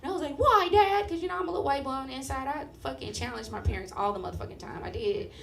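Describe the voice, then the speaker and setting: A young woman performing a stand-up set, telling a story with animated, profane delivery and acted-out voices. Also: high-pitched, rapid-fire, gravelly, reverberant, distant mic. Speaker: stand-up comedian. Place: comedy club stage with live audience.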